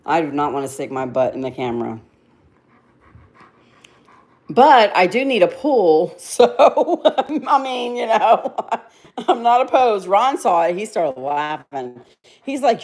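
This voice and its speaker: A woman's voice: fairly low pitch, animated, normal speed, darkish tone. A middle-aged woman, chatting casually with viewers on a livestream and laughing often at herself. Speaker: livestream host.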